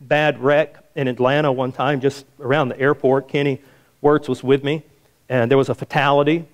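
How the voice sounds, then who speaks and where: A man's voice: little pitch movement, normal speed. A man preaching a sermon as a pastor, telling a story and acting out the voices in it. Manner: storytelling, acts out the quoted voices in a higher pitch. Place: church sanctuary.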